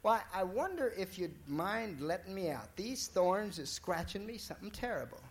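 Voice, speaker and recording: A man voicing a horned male devil with a gruff, commanding folksy way of talking. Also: high-pitched, very animated, moderate pace. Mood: pleading. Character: horned male devil, menacing then pleading.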